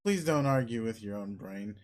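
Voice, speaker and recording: A man's voice: lowish voice, animated, normal speed. Man giving dry, mocking narration. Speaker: webcomic reader. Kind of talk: reading a webcomic aloud.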